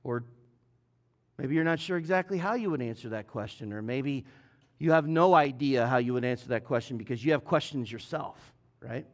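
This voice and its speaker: A man's voice: medium pitch, moderate pace. A male lead pastor preaching a sermon in a church, speaking earnestly and appealing directly to the congregation. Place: church sanctuary.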